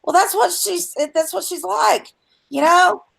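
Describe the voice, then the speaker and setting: A woman's voice: very high voice, unhurried, vocal fry, a bit bright, rough recording. A woman hosting a live stream, telling rambling, blunt, profane stories in casual chat. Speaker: stream host.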